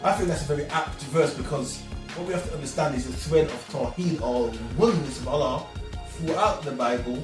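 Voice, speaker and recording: High-voiced man, earnest and emphatic. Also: fairly quick. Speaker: guest speaker. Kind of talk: religious discussion. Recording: echoey room, far from mic, music behind.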